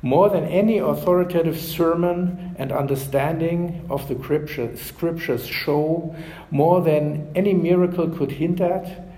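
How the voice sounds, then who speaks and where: A male pastor preaching a measured sermon. His voice drops softly at the ends of phrases. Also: on the high side, reverberant, low-quality recording.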